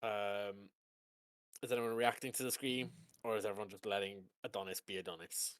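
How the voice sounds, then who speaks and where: A game master narrating a tabletop game, describing scenes in a relaxed, joking way. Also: low-pitched, normal speed.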